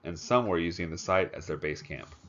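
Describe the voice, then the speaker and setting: A man narrating a first-person audiobook in a steady, plain storytelling manner. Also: low-pitched, brisk. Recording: dull lo-fi recording.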